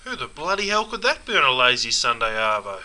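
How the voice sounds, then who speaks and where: A man's voice: mid-range voice, very animated, fast talker, noisy background, lightly acted. A man playing a laid-back Australian bloke watching cricket, with a broad slangy drawl and an Australian accent. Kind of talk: scripted comedy sketch.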